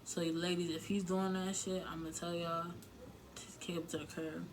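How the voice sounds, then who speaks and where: A woman talks candidly in a casual vlog about relationships, giving frank advice full of filler words and occasional swearing. Her lowish voice is flat and paced normally, she sometimes sounds near tears, and a little hiss or hum is audible.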